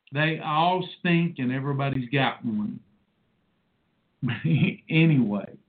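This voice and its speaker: Slow-talking man in his forties, tinny. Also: fairly high pitch. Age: 40s. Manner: emotional, rambling, preachy. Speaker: host. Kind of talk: rambling personal monologue. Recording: tinny phone-like sound.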